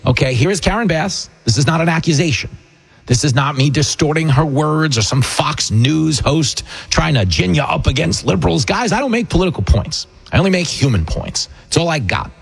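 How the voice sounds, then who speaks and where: A middle-aged radio talk host and comedian delivers mocking political commentary packed with jokes and mimicked voices. His mid-range voice is creaky and husky.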